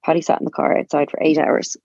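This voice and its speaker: A woman's voice: deep voice, level tone, fast, creaky, dark tone, slightly rough, dry recording, lo-fi sound. A woman telling a personal story in a chatty, rambling way, full of fillers. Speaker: guest. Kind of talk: casual storytelling.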